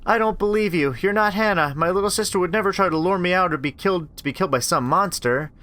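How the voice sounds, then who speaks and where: A man voicing a defiant, sharp-tongued young woman in a game, speaking in a raised sarcastic tone. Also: a little high, expressive, takes it slowly, voice pushed up.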